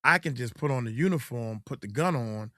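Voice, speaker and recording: A man's voice: mid-range voice, expressive, a little fast, a bit bright, no room sound, clean studio sound. A middle-aged man, chatting loosely as a coach and host, often acting out quotes in mocking voices. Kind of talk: casual livestream chat.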